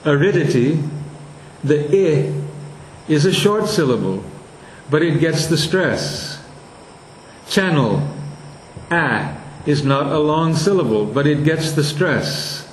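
A man teaching a lesson on verse meter, slowly sounding out and repeating words to show where the stress falls. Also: fairly high pitch, animated, reverberant, a little hiss or hum, poor audio.

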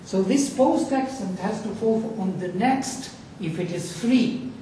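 A slow-speaking male lecturer with a mellow, high-pitched voice teaches a class about Sanskrit accent, explaining, posing questions, and slowly chanting Sanskrit words. A faint hiss or hum accompanies the audio, which comes from a distant mic in an echoey room.

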